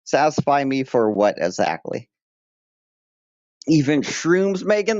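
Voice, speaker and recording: Streamer guy, loose and crude, mock-tough humor, mid pitch, dull dry mic. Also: animated, a little slow, darkish tone, no echo. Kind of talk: casual livestream chat.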